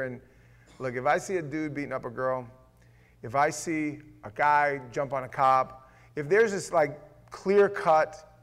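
A middle-aged pastor with a somewhat high voice preaches unhurriedly, telling stories in an animated way. He acts out the voices of the people in them.

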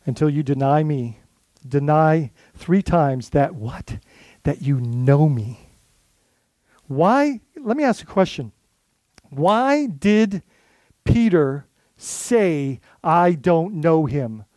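A man's voice: on the high side, big pitch swings, slow, pauses often, a little mellow, no room sound. A male lead pastor preaching a sermon in a conversational way, full of rhetorical questions and restarts.

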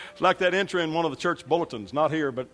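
A male pastor preaching a sermon in a church, emphatic, with joking asides to the congregation. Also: fairly high pitch. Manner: emphatic, bursts louder for scripture and punchlines. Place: church sanctuary.

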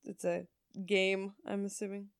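A woman's voice: medium pitch, monotone, unhurried, dry recording, studio quality. A young woman cohosting a casual podcast, teasing her friend and giggling a lot. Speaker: podcast co-host. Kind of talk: casual chat.

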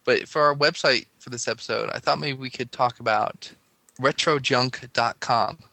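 A man's voice: medium pitch, fairly even intonation, normal speed, gravelly, pushed and bright, dry recording. A man co-hosting a podcast in casual chat, rambling and laughing as he talks. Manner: chatty, rambling, laughs often. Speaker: podcast co-host.

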